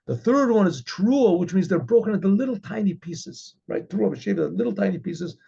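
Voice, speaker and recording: A man storyteller with a high, mellow voice and a husky, gravelly edge. He rambles through his tale with lots of "you know"s and keeps stopping to clear his throat. The recording is dull and lo-fi. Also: lively intonation, fairly quick. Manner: rambling, with many fillers and frequent throat clearing. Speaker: rabbi. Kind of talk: storytelling talk.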